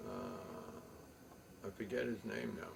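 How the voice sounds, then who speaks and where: An older man telling a long rambling story, halting with many ums and restarts. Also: fairly low pitch, huge pitch swings, vocal fry. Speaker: poet and storyteller. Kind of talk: rambling spoken reminiscence. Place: home loft. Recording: distant mic, faint room noise.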